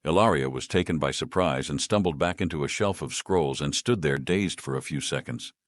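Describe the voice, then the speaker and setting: Low-voiced male story narrator. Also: normal speed, no echo, studio quality. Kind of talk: scripted narration.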